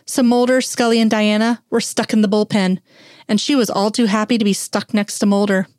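A woman narrating a fan fiction story aloud in an even storytelling manner. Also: medium pitch, a little fast, no echo, clean studio sound.

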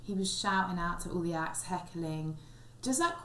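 A young woman, a stand-up comedian co-hosting a podcast, rambles through a long story in casual chat, restarting many times. Her lowish voice is bright and forceful, animated at a moderate pace. The room is echoey with faint background noise.

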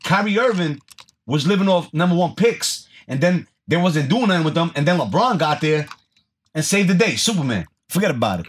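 A man co-hosting a podcast in casual chat, loud and profane, slipping Spanish slang into his talk. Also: fairly high pitch, very animated, a little fast, slight background noise. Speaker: podcast co-host.

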